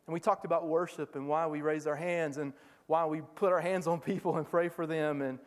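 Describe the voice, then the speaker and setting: A man's voice: a little high, a little fast, long reverb tail. A man giving a sermon as a guest missionary speaker, telling stories and acting out the voices of the people in them. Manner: animated storyteller acting out quoted voices. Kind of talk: sermon storytelling. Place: church sanctuary.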